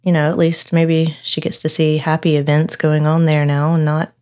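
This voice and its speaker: A woman's voice: deep voice, flat delivery, normal speed, a little mellow. A woman co-hosting a podcast, telling a story and bantering in casual chat. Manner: chatty, narrating then bantering. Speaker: podcast co-host.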